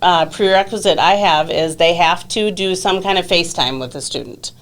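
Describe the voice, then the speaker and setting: Woman, podcast guest, relaxed conversational delivery. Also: lowish voice, moderate pace. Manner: relaxed, chatty, many fillers. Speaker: exchange student coordinator. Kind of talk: casual podcast interview.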